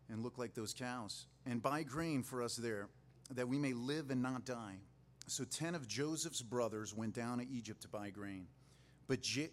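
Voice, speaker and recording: Male pastor, low-pitched, relaxed joking sermon delivery, slight background hum. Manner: casual joking preaching.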